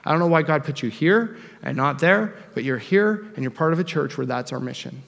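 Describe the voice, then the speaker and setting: A young man preaching a sermon as pastor, animated and joking in a conversational way. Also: a little high, a little fast, gravelly. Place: church sanctuary. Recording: long reverb of a church hall.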